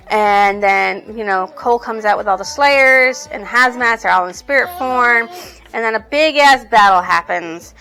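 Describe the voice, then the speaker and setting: A woman recapping a novel's plot in a bright, ringing voice, chatty and rambling with plenty of fillers and a casual curse or two. Faint music sits softly behind her. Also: on the high side, normal speed. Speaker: book reviewer.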